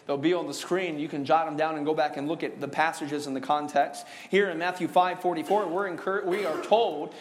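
A male pastor preaching a sermon, joking with the congregation and calling for responses, stretching out key words. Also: fairly high pitch. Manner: call-and-response preaching, drawn-out emphasis; jokey, laughing asides. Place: church sanctuary.

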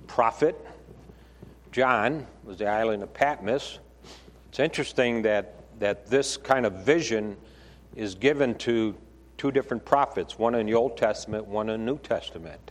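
A man's voice: medium pitch, normal speed. A man preaching a Bible teaching sermon in a conversational way, often restarting his phrases. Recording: long reverb of a hall.

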